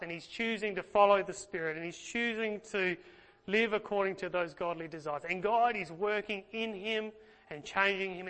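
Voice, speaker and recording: A man's voice: sits high, bright, forceful tone. A man preaching an earnest sermon, closing in prayer and speaking with feeling. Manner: earnest, emotional, fillers and restarts. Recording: long hall reverb.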